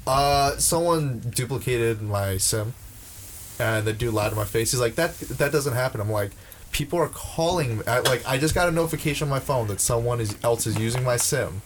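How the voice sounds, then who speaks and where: A man's voice: medium pitch, brisk, slight background noise. A young man in casual podcast chat, ranting with heavy swearing and frequent restarts. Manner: profane, ranting, with many restarts.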